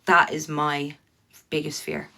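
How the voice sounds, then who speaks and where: A woman's voice: sits low, level tone, slow pace, vocal fry, pushed and bright. An Irish woman ranting bluntly to her viewers on a livestream, swearing freely and talking straight to them.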